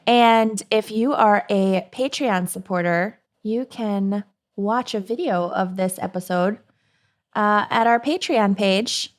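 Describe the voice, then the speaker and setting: A woman's voice: medium pitch, slow pace. A woman co-hosting a casual podcast, chatting and laughing easily while she reads the show plugs. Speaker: podcast co-host. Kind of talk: casual chat.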